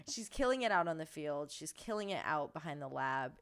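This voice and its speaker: A woman's voice: low-pitched, sing-song, moderate pace, gravelly, fairly bright tone. Gushing chatty woman podcast host. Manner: gushing, chatty, laughs often. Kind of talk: casual podcast chat. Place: podcast studio.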